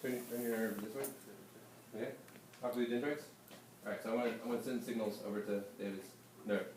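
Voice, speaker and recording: A male teacher giving a lively, hands-on classroom lecture and speaking directly to his students. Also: fairly low pitch, fast, roomy sound, a little hiss or hum.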